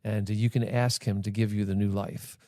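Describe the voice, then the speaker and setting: A man's voice: on the low side, little pitch movement, normal speed, warm tone, no room sound, studio quality. A man hosting a church podcast, talking in a casual, rambling way full of fillers. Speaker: podcast host.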